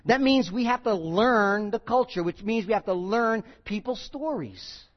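A male pastor preaching a sermon, emphatic, repeating key phrases and swinging between loud and quiet. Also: high-pitched, lively intonation, measured pace, muffled recording.

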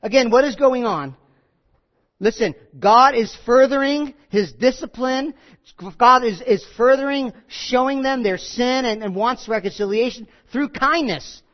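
A man preaching a sermon in a conversational, animated way, with frequent asides. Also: very high-pitched, measured pace, highs cut off. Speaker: pastor.

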